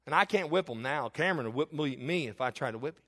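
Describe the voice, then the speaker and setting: A man's voice: on the high side, animated, fast talker, a bit bright. A middle-aged man, a pastor preaching a sermon with fervour, calling out to his congregation with questions and appeals. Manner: impassioned preaching with rhetorical calls to the congregation.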